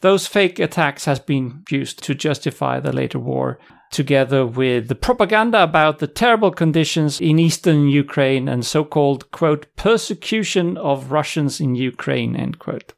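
A male podcast co-host with a somewhat high voice, chatting in a relaxed, dry way. He talks through news items and links, adding wry asides along the way. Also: moderate pace, gravelly, few pauses. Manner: conversational, wry, reads out sources and quotes. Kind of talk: casual podcast discussion.

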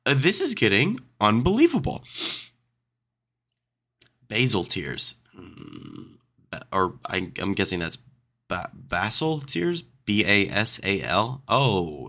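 A young man with a low, gravelly voice and a bright, forceful edge hosts a casual solo podcast. He reads questions aloud and answers them with quick sarcastic quips. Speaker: podcast host.

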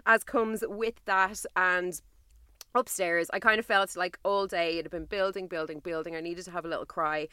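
Bright chatty woman podcast co-host. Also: on the low side, fairly even intonation, moderate pace, clean tone, no room sound, studio quality. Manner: chatty, laughs often. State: emotional. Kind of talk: casual chat.

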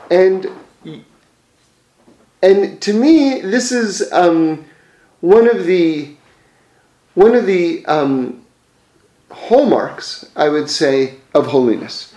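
High-voiced man telling teaching stories. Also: big pitch swings, slow pace, pauses often, a little mellow, reverberant. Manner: conversational, with frequent fillers and self-corrections. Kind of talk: storytelling religious lesson.

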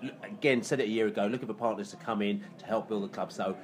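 A man's voice: on the low side, fairly even intonation, fast. A man talking casually on a football fan podcast, rambling and full of "you know". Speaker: podcast co-host. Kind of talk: casual pub podcast chat.

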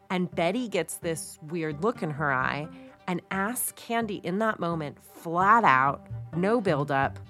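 A woman's voice: deep voice, a bit bright. A woman co-hosting a podcast, telling a true-crime story in a chatty, casual way with many fillers. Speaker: podcast co-host.

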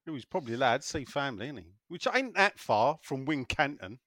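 A man's voice: mid-range voice, animated, a little fast, a bit bright, no room sound, clean studio sound. A man co-hosting a casual podcast, joking and reading out listener messages. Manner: jokey, puts on mock regional voices in jokes. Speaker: podcast co-host.

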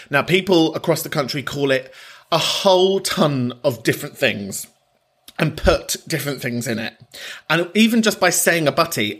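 With a medium pitch and a fairly bright tone, a UK man hosts a podcast in a camp, sweary, comic conversational style, regularly laughing in the middle of sentences.

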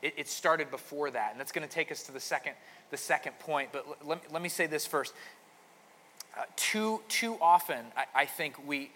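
Male pastor, conversational sermon, slightly high bright voice, reverberant hall. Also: normal speed. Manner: conversational storytelling, frequent restarts.

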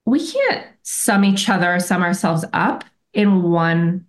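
Earnest low-voiced woman podcast guest. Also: big pitch swings, slow pace. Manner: reflective and earnest, often self-correcting. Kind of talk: conversational interview storytelling.

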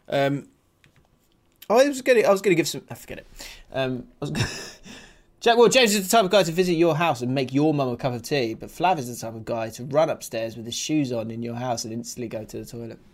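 A man's voice: mid-range voice, expressive, brisk. A young man co-hosting a casual podcast, laughing often and rambling as he reads out listener messages. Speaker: podcast co-host.

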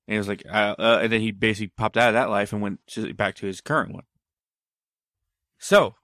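A man's voice: lowish voice, fairly bright tone, no room sound, studio quality. A man telling a story in casual conversation, meandering and often backtracking to explain himself.

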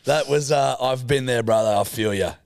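A male podcast co-host with a gravelly voice chats casually and swears freely. He jokes in a laid-back way. The sound is dry and close. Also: medium pitch, normal speed, no room sound. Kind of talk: casual chat.

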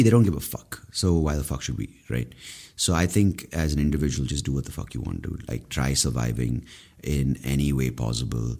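A man's voice: a bass voice, animated, brisk, creaky, darkish tone. A man, hosting a solo podcast and ranting in a profane, exasperated way. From India. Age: 30s. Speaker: podcast host.

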